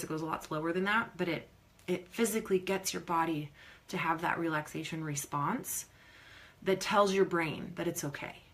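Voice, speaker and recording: Animated woman coach on a live Q&A. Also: low-pitched. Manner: animated, acts out quoted athletes. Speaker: performance coach. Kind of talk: casual Facebook Live Q&A.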